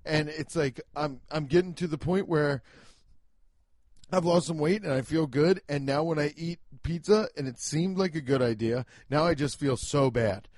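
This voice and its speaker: A young man hosting a casual solo podcast, talking loudly and emphatically, swearing and poking fun at himself. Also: fairly high pitch, normal speed, dry recording, studio quality. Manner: loud, emphatic, swearing, self-mocking. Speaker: podcast host. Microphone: home podcast mic.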